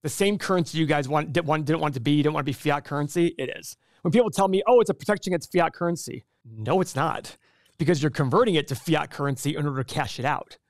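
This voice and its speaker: A middle-aged man talks through investing in a casual, emphatic way, firing off rhetorical questions and acting out what others say. His voice sits a little high for a man. The sound is close and dry, with no room around it. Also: fast, no echo. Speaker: investing show host. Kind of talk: casual explanatory talk to camera.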